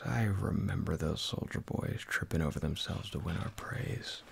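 A man's voice: deep voice, gravelly, husky, full character voice. A man whispering as a wistful maid of honor. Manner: whispered rap reading, soft. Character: witty older sister, maid of honor. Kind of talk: whispered role-play.

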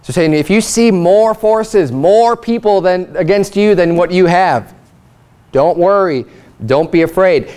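A man preaching a sermon as pastor, reading scripture aloud and explaining it plainly with quick acted asides. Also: on the high side, darkish tone, clean tone.

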